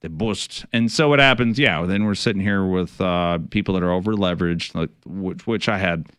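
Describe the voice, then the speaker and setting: A man's voice: low-pitched, moderate pace, fairly bright tone, clean tone, no room sound, clean studio sound. A middle-aged man, a financial advisor hosting a radio show, talking casually with many fillers, restarts and some wry sarcasm.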